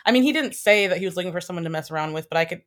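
A woman's voice: on the low side, expressive, racing. Hesitant woman guest on a podcast. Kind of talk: casual chat.

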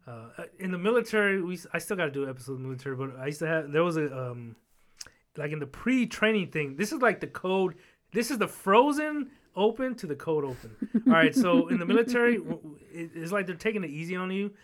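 Male podcast host, higher-pitched, loose and rambling storyteller. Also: animated, fast talker. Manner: rambling, full of fillers and restarts. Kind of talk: casual storytelling.

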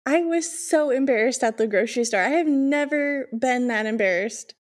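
A woman with a high voice tells a story in a casual podcast chat. She is animated and laughs often. She swears freely and is in her thirties. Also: normal speed.

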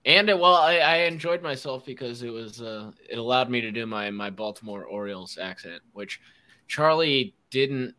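A podcast host chatting casually, telling animated stories and mimicking people's voices. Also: male voice, mid-range voice, normal speed. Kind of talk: casual chat.

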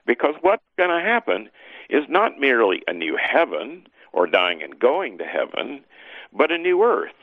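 Gravelly animated man on a thin line. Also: normal speed, dry recording, phone-quality sound. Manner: animated, emphatic, jumps up in pitch for emphasis. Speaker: guest scholar. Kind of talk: lively teaching talk.

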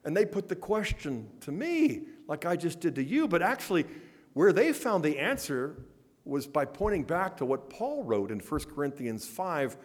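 A man giving a lecture, telling a story with lively dialogue and acting out both sides of a conversation. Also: fairly high pitch, moderate pace. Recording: long hall reverb.

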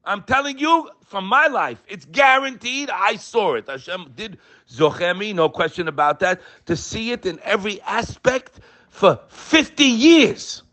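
Older man, sermon, impassioned, emphatic, lively pitch. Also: measured pace. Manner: impassioned, emphatic, fond of rhetorical questions. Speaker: religious teacher.

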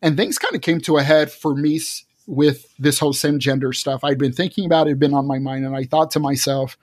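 A man's voice: on the high side, steady tone, brisk, no echo, clean studio sound. A man earnestly telling a personal story as a guest, with frequent restarts. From Texas.

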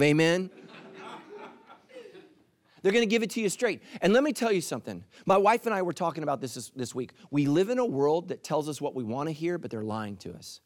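A man preaching a sermon as the pastor, talking in a lively, punchy way with playful asides. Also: high voice, no room sound, studio quality.

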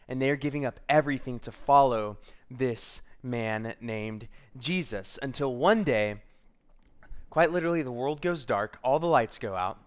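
A man's voice: mid-range voice, normal speed, clean tone. Man preaching a dramatic sermon story. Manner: dramatic, acts out quoted voices.

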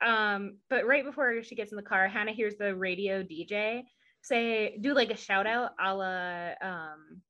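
A woman's voice: medium pitch, measured pace, muffled recording. Chatty woman from the US South. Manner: chatty and animated, laughs often, leans on "like" and "um". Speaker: podcast co-host. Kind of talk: casual chat, recapping a TV show.

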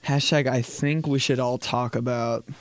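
A man's voice: medium pitch, fairly even intonation, unhurried, no echo. A young man hosting a podcast, rambling in a casual, profane, joking way, often laughing and acting out quotes. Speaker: podcast host. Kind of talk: casual comedic podcast chat.

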